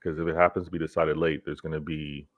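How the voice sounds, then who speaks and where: A man in casual football chat, talking in a relaxed, measured way and often murmuring agreement. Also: rumbling low. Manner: relaxed, measured talk with many agreeing fillers. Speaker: co-host. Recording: dull lo-fi audio.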